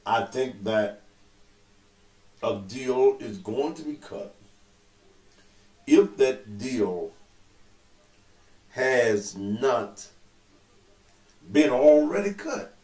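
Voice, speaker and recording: Male host with a cold; slow, profane, emphatic delivery; roomy echo. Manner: profane and emphatic, swings from low to loud. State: suffering with a cold. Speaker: show host. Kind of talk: casual talk-show commentary. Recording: echoey room.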